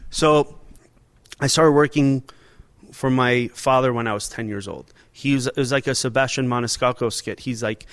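Man, 40s, restaurant owner, casual interview, animated, filler-heavy. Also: mid-range voice, moderate pace.

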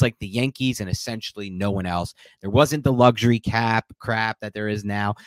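A man hosting a casual sports talk show, opinionated and animated, laughing now and then mid-sentence. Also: fairly low pitch, dry recording. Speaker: sports podcast host.

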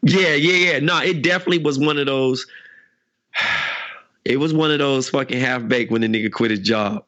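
A man's voice: mid-range voice, moderate pace, fairly bright tone, dull audio. A man co-hosting a podcast, joking through crude banter in casual chat about a TV show. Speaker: podcast co-host.

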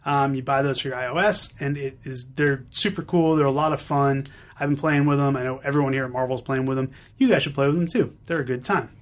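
A man hosting a podcast, running through news in a chatty, enthusiastic way with quick fillers. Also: mid-range voice. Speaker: podcast host. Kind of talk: upbeat news roundup.

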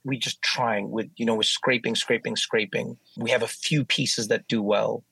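Husky South African man telling stories. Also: medium pitch, moderate pace, no echo, low-quality recording. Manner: animated, acts out quoted voices. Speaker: guest. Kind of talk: casual interview storytelling.

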